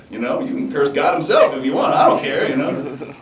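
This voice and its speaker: Kind woman medic put on by a male speaker, soft and reassuring, dull roomy recording. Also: a little high, lively intonation, normal speed, noisy background, pitched above the performer's own voice, lightly acted. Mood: soothing. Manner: gentle, reassuring. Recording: echoey, distant, dull hall recording.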